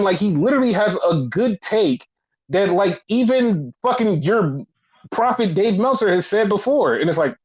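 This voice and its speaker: High-voiced man ranting profanely. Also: moderate pace, slightly rough. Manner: profane, animated, heavy filler "like". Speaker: podcast co-host. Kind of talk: casual critical rant.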